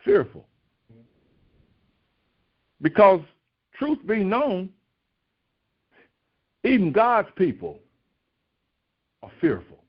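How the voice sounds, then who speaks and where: A man preaching a recorded devotional sermon, asking rhetorical questions and pushing his voice high when he acts out pleas. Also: huge pitch swings, extremely slow, long pauses, husky. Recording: dull lo-fi recording.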